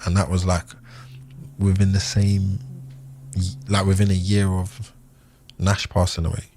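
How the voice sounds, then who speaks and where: A man in his thirties, a podcast guest, recalling a loss in a halting way with many fillers and restarts. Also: low-pitched, completely flat delivery, dark tone, a little hiss or hum. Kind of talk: emotional interview recollection.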